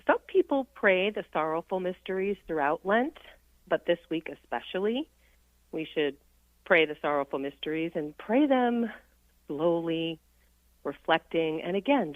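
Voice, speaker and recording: A woman's voice: lowish voice, dry recording. A woman calling in as a radio guest, talking about faith in an earnest, reflective way and laughing easily. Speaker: guest on a Catholic radio show. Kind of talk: casual spiritual chat on air. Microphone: phone call. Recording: tinny dry phone line.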